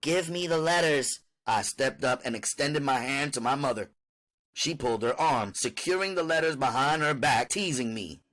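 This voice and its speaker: A man's voice: mid-range voice, normal speed, a bit bright. A man reading an audiobook aloud in first-person narration.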